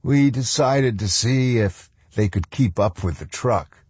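Disfigured cruel soldier, clipped and eager, man voices him; husky, dry read. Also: mid-range voice, a little slow, a little mellow, no room sound, voice pushed up. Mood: reporting.

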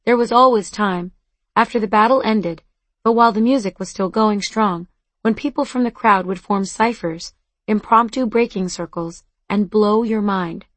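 A woman's voice: mid-range voice, moderate pace, no room sound. Audiobook narrator, woman, earnest and conversational first-person telling, dry booth sound.

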